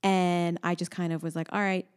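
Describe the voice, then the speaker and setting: A woman's voice: lowish voice, moderate pace, clear, resonant tone. A woman in her thirties, a voice teacher, co-hosting a casual chat, telling stories with animation and acting out her toddler's voice. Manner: animated storyteller, acts out her daughter's voice. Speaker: podcast co-host.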